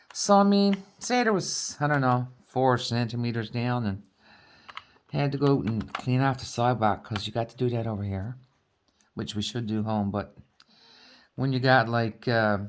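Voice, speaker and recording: A crafting vlogger from Newfoundland, Canada, speaks with a Newfoundland accent, her voice rumbling low and a little mellow, with a faint hiss or hum in the audio. She chats casually with her viewers while crafting at home, laughing often.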